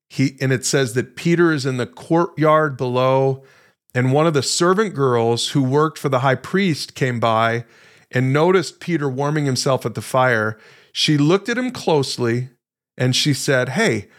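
A man teaches from the Bible on a podcast, his voice sitting in an ordinary middle pitch. He tells the story with animated emphasis and acts out the quoted lines. He keeps a conversational tone and speaks straight to his listeners. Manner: conversational, addresses listeners directly.

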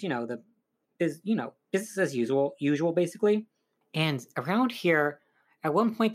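A man casually recapping a film's plot as a reviewer, rambling with lots of fillers. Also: on the high side. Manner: chatty, rambling, full of "like" and "um". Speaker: film reviewer.

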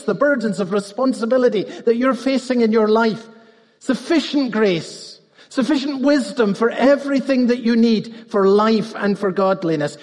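A pastor with a notably high male voice delivers an earnest sermon. He leans on repetition to drive his points home. The sound carries a long, ringing reverb, as in a church hall. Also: a little mellow. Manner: earnest preaching, repeats phrases for emphasis.

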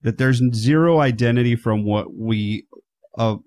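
A man in his thirties talks through an old horror movie with a friend on a podcast. He is enthusiastic and self-mocking, swears freely, and his mid-range voice leaps up in pitch when he gets excited. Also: measured pace, a little hiss or hum. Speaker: podcast co-host. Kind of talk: casual movie review chat.

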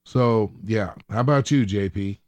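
A man co-hosting a casual book discussion, considered and measured. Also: on the low side, a little mellow, dry recording. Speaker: podcast co-host.

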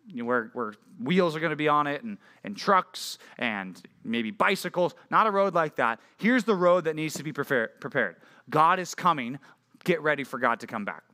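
Man, youth pastor, fairly high voice, bright and forceful, casual conversational sermon, asks the room questions. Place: church youth group meeting.

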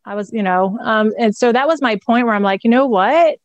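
A woman's voice: a little high, fairly quick, no room sound, highs cut off. A middle-aged woman, a guest in an interview, candidly and reflectively telling a personal story with a laugh now and then.

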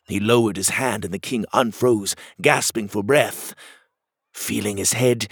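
A man narrating a children's storybook adventure in an expressive, animated way. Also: lowish voice, vocal fry, husky, no room sound.

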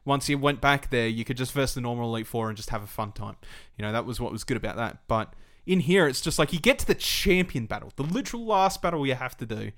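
Animated, foul-mouthed man. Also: mid-range voice, fast, few pauses. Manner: animated, swears freely, breaks into mock voices. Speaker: podcast co-host. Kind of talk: casual gaming podcast chat.

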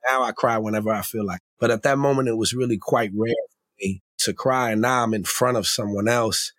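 A man's voice: lowish voice, steady tone, a little fast, fairly bright tone, dry recording. A man, a podcast guest, telling a personal story in a reflective, slangy way, often checking in with "right?". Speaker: podcast guest, emcee and educator. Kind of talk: candid podcast conversation.

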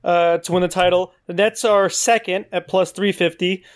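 A man's voice: high-pitched, fairly even intonation, normal speed. A man co-hosting a sports talk show, assertively laying out odds and arguments. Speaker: co-host. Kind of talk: casual sports debate.

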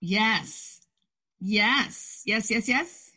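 A woman's voice: mid-range voice, extremely slow, bright, forceful tone, slightly rough. A woman co-hosting a podcast over a video call, bubbly and upbeat as she wraps up the show. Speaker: podcast co-host. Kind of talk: casual podcast with a scripted sign-off.

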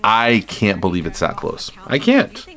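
Low-voiced, profane, rambling man. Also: wildly swooping pitch, a little slow, fairly bright tone. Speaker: podcast host. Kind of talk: casual chat.

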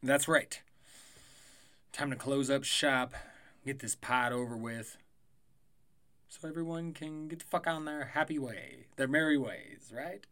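A man's voice: medium pitch, takes it slowly, pauses often, bright, forceful tone. A young adult man hosting a podcast, talking casually and rambling with frequent swearing. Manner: rambling, profane, loose and chatty. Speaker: podcast host. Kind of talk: casual sports prediction podcast.

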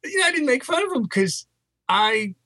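An older man from the Bronx, telling animated stories as an interview guest. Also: extremely high pitch, normal speed, no echo. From New York, Bronx. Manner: animated anecdotes with quoted dialogue. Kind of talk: storytelling interview.

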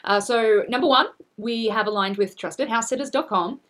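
A woman co-hosting a travel podcast in casual chat, lively and teasing. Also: a little high. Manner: lively, teasing, quick to laugh. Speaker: podcast co-host.

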